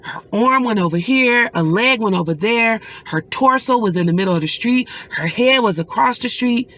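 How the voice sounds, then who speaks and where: A middle-aged woman, a mother, telling a personal story in an earnest, emotional way with pauses. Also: fairly high pitch, expressive, a bit bright. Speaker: mother recounting a dream.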